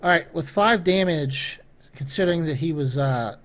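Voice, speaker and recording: A man acting as dungeon master, calmly walking players through their dice rolls in a tabletop game. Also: a little high, normal speed. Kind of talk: running a tabletop game over voice chat.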